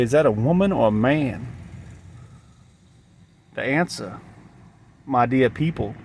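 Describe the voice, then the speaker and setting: A sleep-deprived man with a put-on Southern accent rambling to camera outdoors, halting and repeating himself with many restarts. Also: mid-range voice, slight background noise. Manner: halting, repetitive, full of restarts. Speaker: vlogger. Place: outdoors in a parking lot.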